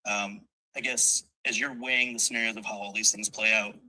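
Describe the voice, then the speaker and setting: A man's voice: lowish voice, fairly even intonation, fairly quick, pushed and bright, low-quality recording. A man asking a long, winding question as a reporter at a press conference.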